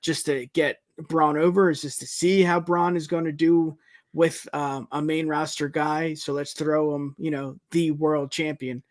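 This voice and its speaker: A man's voice: fairly high pitch, little pitch movement, measured pace, no echo, studio quality. A man co-hosting a podcast in casual chat, leaning on fillers like "you know". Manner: conversational, leans on fillers like "you know" and "it's just like". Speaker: podcast co-host.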